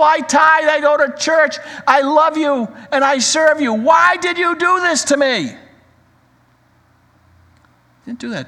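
A male pastor preaching a sermon, dramatic, swinging between loud emphasis and quiet, full of rhetorical questions. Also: on the high side, long reverb tail.

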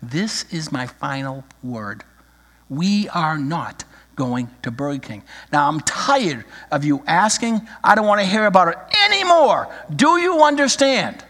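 A man's voice: sits high, animated, moderate pace, a bit bright, in a large hall, voice pushed up. A preacher voicing a frustrated young mother scolding her small son, stern and raised.

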